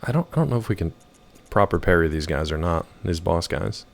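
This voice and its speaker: An American man streams a game and reads chat aloud, his deep voice hoarse and gravelly after a week of yelling. He talks briskly and animatedly, rambling and cracking jokes in a casual way.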